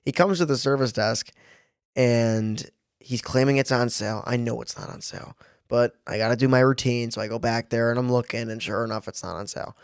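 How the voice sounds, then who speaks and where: A man's voice: mid-range voice, steady tone, a little fast, clean tone, dry recording, studio quality. A young man co-hosting a podcast, telling a work story in casual chat with wry, joking asides. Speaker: podcast co-host.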